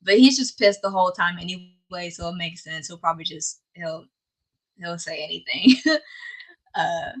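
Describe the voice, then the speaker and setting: A woman's voice: lowish voice, a little slow, rough recording. A woman hosting a casual anime recap, laughing often and playfully scolding the characters. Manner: exasperated, scolding asides.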